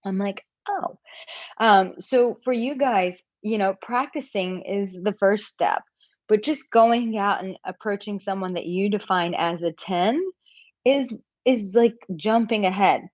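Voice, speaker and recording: A woman's voice: medium pitch, a little slow, no echo, muffled recording. An American woman who coaches men on dating, chatting casually on a live-stream Q&A with lots of filler words. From United States. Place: home, living in Portugal.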